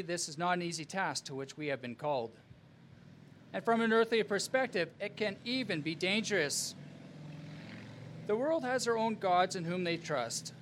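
A man preaching a sermon as pastor, with earnest, emphatic delivery and measured phrasing. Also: sits high, a bit bright, a little hiss or hum.

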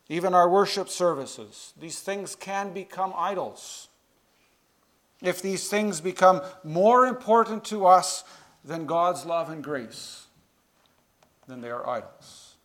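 A male preacher delivers a sermon in a slightly higher-than-usual voice. He speaks earnestly, pushing louder and higher when stressing key phrases, then dropping back down.

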